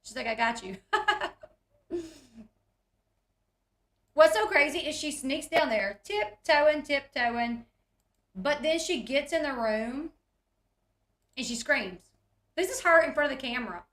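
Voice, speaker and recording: A woman's voice: high-pitched, expressive, slow, long pauses, a bit bright, echoey room. A woman, retelling reality TV scenes in a chatty, giggly way and acting out the quotes. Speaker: recap host. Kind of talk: casual reality TV recap.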